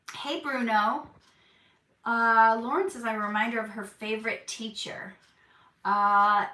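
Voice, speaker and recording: A woman's voice: medium pitch, gravelly, pushed and bright. A woman in her thirties hosting a casual live-stream Q&A, chatty and jokey as she reads out viewer comments. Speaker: live-stream host answering chat. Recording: roomy, a bit far from the mic.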